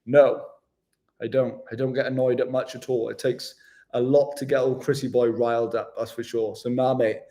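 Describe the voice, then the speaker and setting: A young man with a Welsh accent talks casually to his viewers on a travel vlog stream. He is relaxed and chatty, full of slang, with a voice pitched right in the middle of the range. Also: moderate pace. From Wales. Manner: laid-back, chatty, slangy, laughs often. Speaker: travel vlogger. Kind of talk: casual livestream chat reading comments.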